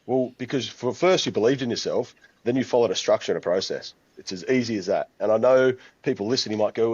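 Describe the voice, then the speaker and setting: A man's voice: medium pitch, fast, hardly any pauses, darkish tone, slightly rough, dry recording, lo-fi sound. A man who owns a gym, talking in a casual podcast chat and telling stories in a confident, matter-of-fact way. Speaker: gym owner, co-host. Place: his gym.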